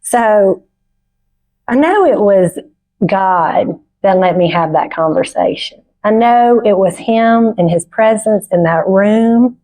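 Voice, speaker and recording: A middle-aged woman on a conference stage, giving a personal testimony in a heartfelt, halting storytelling manner. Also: mid-range voice, warm tone. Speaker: conference speaker. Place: conference stage before an audience.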